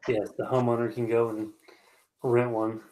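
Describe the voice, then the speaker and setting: A man's voice: mid-range voice, level tone, moderate pace, a little mellow, poor audio. A man co-hosting a casual live stream, talking laid-back about running excavators.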